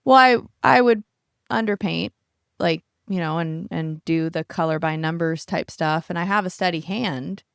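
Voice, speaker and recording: A photographer co-hosting a podcast from a family yacht keeps the chat casual, laughing often and acting out quotes as she tells stories. Her fairly low, gravelly yet smooth voice moves at normal speed in a dry, clean studio recording.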